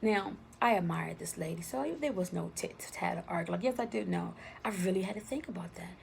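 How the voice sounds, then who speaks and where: A woman's voice: lowish voice, brisk, vocal fry, darkish tone, slight background noise. A woman and former teacher telling a personal story in a conversational way, often checking in with "right?".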